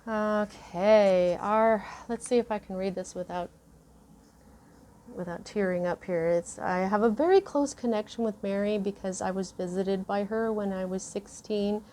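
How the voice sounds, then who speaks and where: A woman's voice: medium pitch, a little slow, mellow, slight background noise. A woman giving a casual spoken tarot reading to her viewers in an earnest, rambling, chatty way. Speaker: tarot reader.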